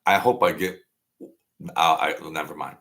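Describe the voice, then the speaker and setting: A man's voice: rumbling low, steady tone, measured pace, sharp tone. A man in his sixties hosting a live stream, talking casually and rambling to his viewers, often digressing and laughing at his own jokes. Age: 60s.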